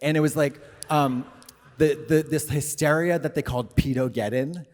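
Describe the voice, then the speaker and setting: A man's voice: a little high, steady tone, normal speed, a little mellow. Rambling man, hall echo. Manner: rambling, lots of fillers and swearing. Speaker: co-host. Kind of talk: live comedy podcast banter. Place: live stage show in a venue. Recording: reverberant live venue, faint noise.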